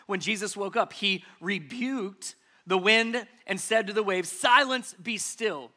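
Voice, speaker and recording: A man's voice: high-pitched, a little slow, pushed and bright. A man preaching a sermon as pastor, speaking emphatically and repeating key phrases for stress.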